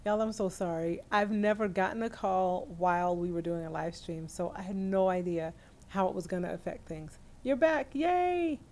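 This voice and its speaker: A woman's voice: lowish voice, fairly even intonation, moderate pace, a little mellow. A woman in her forties from New York hosts a casual livestream from her phone at home, chatting, laughing often and greeting viewers by name. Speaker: livestream host.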